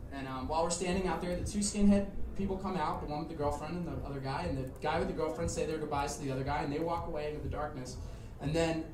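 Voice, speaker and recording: A man's voice: fairly high pitch, distant mic, noisy background. A man telling a rambling, profane story on stage at a live show, laughing along as he goes. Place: small music bar, live show. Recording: echoey live club, mic heard from afar. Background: band music.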